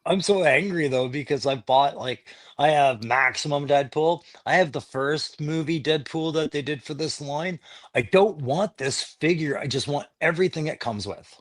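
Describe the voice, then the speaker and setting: A man's voice: on the high side, moderate pace. Chatty male toy-show co-host. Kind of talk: casual toy chat.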